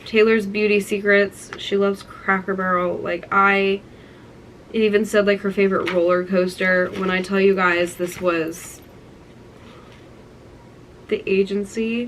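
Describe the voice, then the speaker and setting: A young woman in her twenties hosts a casual show-and-tell vlog, gushing and nostalgic as she holds up old keepsakes. Her voice sits at an ordinary middle pitch for a woman. She fills her talk with "like". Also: level tone, unhurried, pauses often, fairly bright tone, a little hiss or hum, low-quality recording. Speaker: vlogger.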